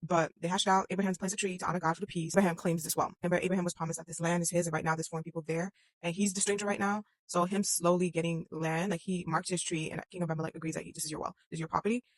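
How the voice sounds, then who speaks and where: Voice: medium pitch, flat delivery, racing, no room sound. A young adult host casually retelling Bible stories in a chatty, slang-filled way, with voiced asides for the people in the stories. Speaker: host of a Bible-story series. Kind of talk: casual Bible story explainer.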